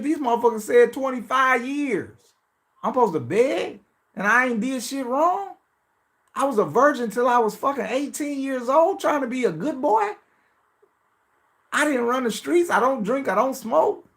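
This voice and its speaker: A man's voice: very high-pitched, sing-song, measured pace, pauses often, fairly bright tone. A man hosting a podcast, talking in a casual, profane monologue that swings between mocking pleading voices and blunt asides. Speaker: podcast host.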